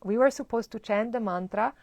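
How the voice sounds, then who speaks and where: A woman's voice: fairly high pitch, brisk, gravelly, a little mellow, no room sound. A woman teaching a live-streamed mantra lesson, explaining and chanting with laughter. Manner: acts out groggy morning complaints. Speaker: spiritual teacher.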